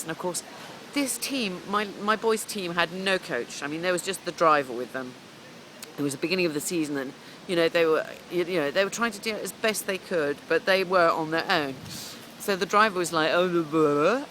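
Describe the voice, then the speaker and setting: A woman's voice: fairly low pitch, bright, forceful tone, a little hiss or hum, poor audio. A middle-aged woman coach telling a long, rambling story in a casual vlog, chatting away as she goes. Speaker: business coach.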